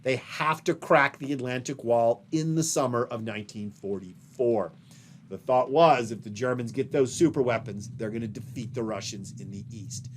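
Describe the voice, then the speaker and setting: A man lecturing on history in a recorded video lesson, pointing out images on slides behind him and stressing key phrases slowly. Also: medium pitch, a little hiss or hum.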